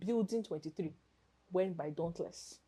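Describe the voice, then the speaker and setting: A woman's voice: lowish voice, a little slow, dark tone, breathy edge. Chatty young woman podcast co-host. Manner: rambling storytelling, frequent laughs and self-corrections. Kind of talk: casual chat.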